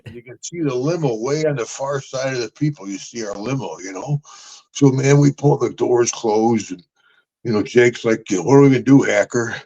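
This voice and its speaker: An older American man with an American accent, telling lively road stories as an interview guest, chuckling and calling people brother. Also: mid-range voice, moderate pace, highs cut off. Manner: animated storyteller, chuckling, calls people brother. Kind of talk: storytelling interview.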